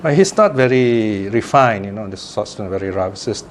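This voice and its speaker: A man's voice: on the low side, lively intonation, normal speed, few pauses, a little hiss or hum. Chatty man giving a Dharma talk. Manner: chatty, laughs often, lots of "you know". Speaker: Buddhist teacher.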